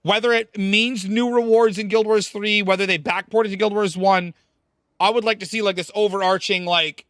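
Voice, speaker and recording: Bright, dry-voiced rambling male streamer. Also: high-pitched, steady tone, normal speed, no room sound. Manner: rambling, profane, hyped banter with chat. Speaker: game streamer. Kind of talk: casual live-stream chat while gaming.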